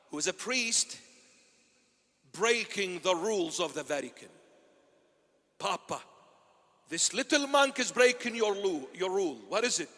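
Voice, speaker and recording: A man, a bishop, preaching an impassioned sermon that swings between loud and hushed. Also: high-pitched. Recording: long hall reverb.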